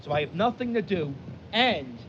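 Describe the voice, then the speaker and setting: A man's voice: high-pitched, normal speed. A man, rambling self-deprecatingly through a vlog story outdoors. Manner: animated, self-deprecating, rambling with many restarts. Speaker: vlogger. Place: outdoors on a windy day. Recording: dull audio with wind noise.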